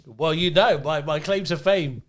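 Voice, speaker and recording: A man's voice: on the high side, measured pace, a bit bright. A man co-hosting a casual podcast with an English accent, telling sweary, jokey stories. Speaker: podcast co-host.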